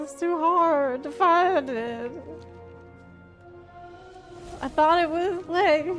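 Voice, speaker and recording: A young woman streamer with a high voice chats excitably and casually while she games, swearing now and then.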